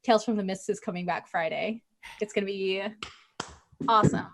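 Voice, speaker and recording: A woman's voice: medium pitch, a little fast, creaky, no echo. A woman player chatting casually, playful and self-mocking, with frequent giggles. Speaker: podcast player. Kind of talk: casual podcast chat.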